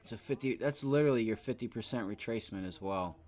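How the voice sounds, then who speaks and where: A man's voice: on the low side, fast, darkish tone. A man in his thirties hosting a live day-trading stream, talking to himself and his viewers about the chart, swearing now and then. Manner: talks to himself and the chart, swears, frustrated at times. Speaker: day trading livestream host. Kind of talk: casual live trading commentary.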